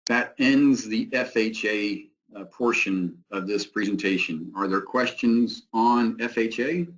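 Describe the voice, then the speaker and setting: A man's voice: lowish voice, measured pace, poor audio. A man giving a technical building-code presentation and answering questions, with many fillers. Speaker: product representative presenting.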